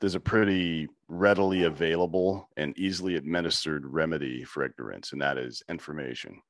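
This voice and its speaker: A man from the United States speaks as a guest in an interview, blunt and emphatic, with casual swearing. His voice is very low. The recording is dry and close. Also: fairly quick, no room sound. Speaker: podcast guest. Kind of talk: conversational interview.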